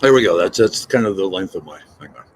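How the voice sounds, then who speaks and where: A man's voice: low-pitched, a little fast, a little hiss or hum. A middle-aged man chatting casually on a morning livestream, reading out comments and joking. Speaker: livestream host.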